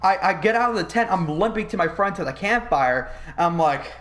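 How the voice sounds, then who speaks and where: A young man hosting a podcast, telling a long story in a rambling, profane, animated way. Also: sits high, a little fast. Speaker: podcast host. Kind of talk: casual storytelling.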